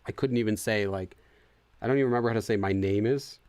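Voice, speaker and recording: A man's voice: fairly low pitch, quick pace, darkish tone, clear, resonant tone, no room sound. A young man hosting a casual let's-play, chatting, laughing often and translating game text as he goes. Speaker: gaming channel host.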